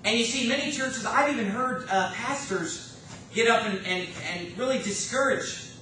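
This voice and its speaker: A man's voice: extremely high pitch, normal speed, bright, forceful tone, slight background noise. A man preaching a sermon as pastor, emphatic and rising and falling in force, recorded from a distance in an echoey church. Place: church sanctuary. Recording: echoey church room from far off.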